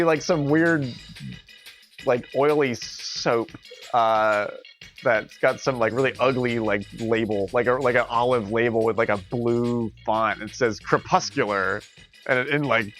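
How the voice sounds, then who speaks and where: A man's voice: medium pitch, fairly bright tone. A young man hosting a live-streamed game tournament, rambling casually, joking and laughing often between his words.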